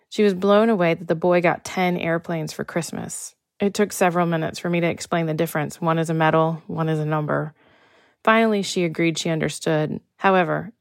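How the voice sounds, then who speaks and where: Reporter narration: woman, soft Texan accent, low voice, dry close sound. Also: no room sound. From Texas. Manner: measured, storytelling delivery. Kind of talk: scripted narration.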